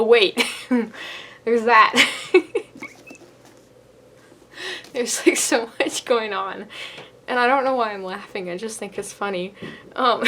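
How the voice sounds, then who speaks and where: A young woman chats casually about the books she read, her voice sitting a little high. She rambles with fillers and keeps breaking into giggles as she goes. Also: a bit bright, slight background noise. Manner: giggly, laughs often while talking. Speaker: book vlogger. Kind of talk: casual book review chat.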